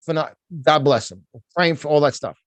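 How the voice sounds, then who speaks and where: His voice is on the high side and brisk, recorded dry. He's a middle-aged motivational speaker and business coach with a New York accent, guesting in a passionate conversational interview where he's emphatic, fired up, and keeps restarting his words.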